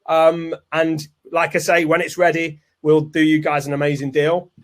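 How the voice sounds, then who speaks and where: Guy hosting a live launch webinar, slightly higher voice, upbeat sales chat. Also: level tone, normal speed. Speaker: webinar host.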